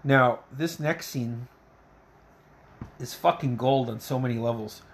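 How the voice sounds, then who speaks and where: A man at an ordinary mid pitch tells a movie's story in a loose, casual way. He swears constantly, chuckles between lines, and gets worked up when he describes the fight. It plays like a relaxed podcast recap. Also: a little slow. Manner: profane, excitable play-by-play retelling; laughs often. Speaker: podcast host reviewing a film.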